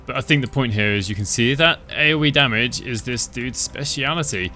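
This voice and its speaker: A man giving relaxed, chatty commentary over his own gameplay, thinking aloud as he plays. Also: medium pitch, fairly quick, faint music behind. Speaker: gaming channel host.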